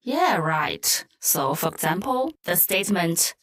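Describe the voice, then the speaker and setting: Woman, language teacher, slow careful delivery, lowish voice, repeats phrases clearly. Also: a bit bright. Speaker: Mandarin teacher, co-host. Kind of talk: scripted language lesson.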